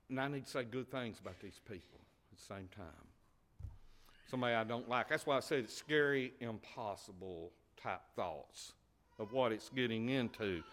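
Guy preaching, bright edgy voice, gets loud then drops real quiet. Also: mid-range voice. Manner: impassioned, swinging from loud emphasis to quiet murmurs. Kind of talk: sermon.

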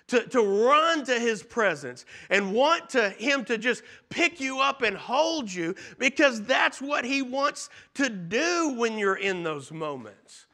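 A male pastor preaching with a high, bright, forceful voice. He retells scripture earnestly, rising to loud emphasis and dropping to hushed tones. The delivery is sermon-style throughout.

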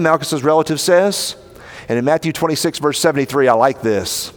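A man's voice: on the high side, fairly quick. A man with a Southern American accent preaching a sermon, retelling the story dramatically and acting out the quoted lines. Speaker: pastor. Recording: hall reverb.

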